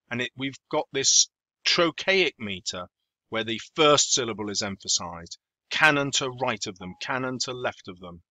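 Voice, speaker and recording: A man's voice: medium pitch, bright, forceful tone, no room sound, poor audio. A man with a British accent, teaching poetry analysis for exam revision, talking it through thoughtfully with frequent ums and self-corrections. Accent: British English. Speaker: English teacher.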